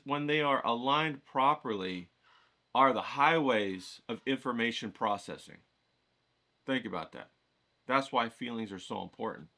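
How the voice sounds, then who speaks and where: Upbeat, folksy male art instructor with a bright, forward voice; encouraging, conversational delivery. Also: mid-range voice. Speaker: art teacher. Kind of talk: casual painting lesson.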